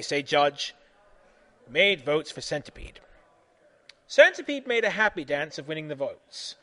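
A man hosting a comic live reading of odd fan fiction, theatrical and bursting into loud shouted voices. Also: high-pitched, lively intonation, unhurried.

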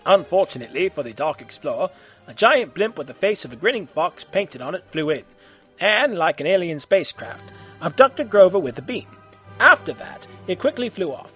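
A man narrating an amateur audio story with brisk reading and small stumbles. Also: on the high side, very animated, fairly bright tone, slightly rough, soft background music.

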